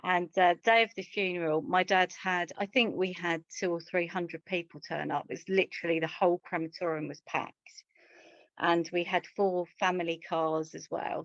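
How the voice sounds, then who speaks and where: A woman with a slightly low voice tells personal stories in a relaxed conversation. She talks chattily and with humour, restarting her sentences now and then. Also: no echo, lo-fi sound. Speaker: podcast co-host.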